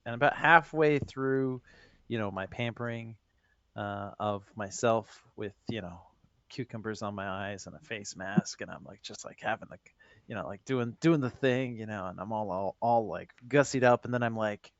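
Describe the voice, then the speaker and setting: A man's voice: on the low side, normal speed, fairly bright tone, dry recording. A man playing a tabletop game, rambling with many fillers, on dry, slightly dull podcast audio. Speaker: player.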